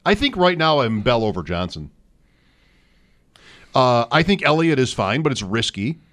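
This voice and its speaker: A man in the middle of his range, co-hosting a relaxed sports talk show. He thinks out loud and reels off lists of player names. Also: mid-range voice, normal speed. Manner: thinks aloud, rattles off names. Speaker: co-host. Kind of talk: casual fantasy football chat.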